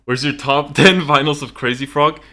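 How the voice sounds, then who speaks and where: A man's voice: on the high side, steady tone, moderate pace, pushed and bright. A young man from Sweden streaming from home, rambling nervously with lots of giggling.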